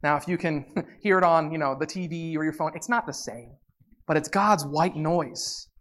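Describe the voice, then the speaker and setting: Expressive preacher delivering a lively sermon. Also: medium pitch. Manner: expressive, swings from soft reflection to loud exclamations; reads scripture slowly and deliberately.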